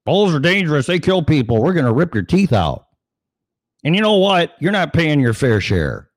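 A male show host delivers an opinion monologue, ranting sarcastically, cursing and now and then acting out other voices mid-rant. His voice is on the high side with big pitch swings at normal speed, in a dry, clean studio recording.

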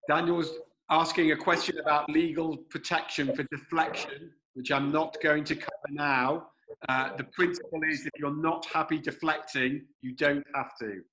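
A man speaks in a measured, businesslike tone, pausing on ums as he goes through staff updates. His voice arrives over a glitchy call line with clear noise behind it. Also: on the high side, fairly even intonation, bright, forceful tone, poor audio. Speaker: meeting organiser.

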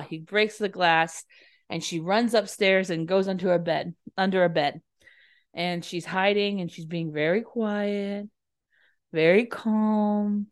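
A young woman chatting casually, retelling a movie plot with lots of laughs and quick acted-out lines. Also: mid-range voice, darkish tone. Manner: giggly, acts out lines in quick voices. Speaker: podcast co-host.

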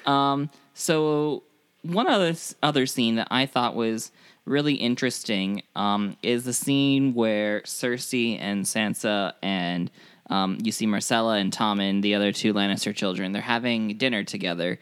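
Brief: chatty podcast host, smooth clear voice, prompting questions. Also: male voice, fairly low pitch, a bit bright, no echo. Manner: questioning, laughs often, halting with fillers. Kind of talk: casual chat.

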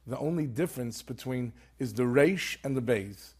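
A man's voice: medium pitch, moderate pace, darkish tone, breathy edge. A man, an author and rabbi, telling a story earnestly in conversation and peppering it with Hebrew terms. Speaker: author guest.

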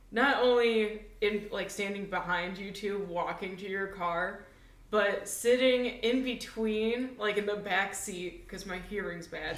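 A young woman joining as a guest in a casual chat, animated and joking. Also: mid-range voice. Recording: echoey room.

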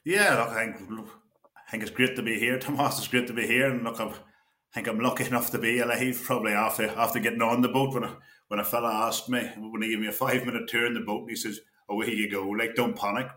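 A man's voice: medium pitch, steady tone, fast, bright, forceful tone. A Northern Irish man from Tyrone, a guest telling rambling anecdotes in casual chat, quoting others and laughing often. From County Tyrone, Northern Ireland. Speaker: guest, former county footballer. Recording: roomy echo.

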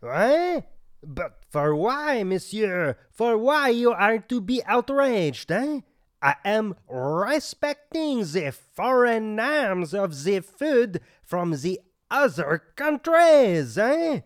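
A woman playing an overeager French cafe cook in a comedy sketch, speaking with a thick put-on French accent and tagging lines with a high "eh?". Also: big pitch swings, takes it slowly, no room sound, studio quality, full character voice. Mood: fawning.

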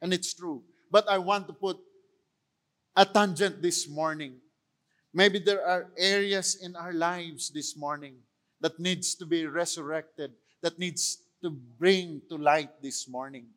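A man's voice: on the high side, a bit bright. A man with a Filipino accent preaching a sermon as pastor, slipping into Tagalog phrases and lifting his voice when he quotes scripture. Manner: unhurried preaching, switching into Tagalog phrases, rising emphasis on quotes.

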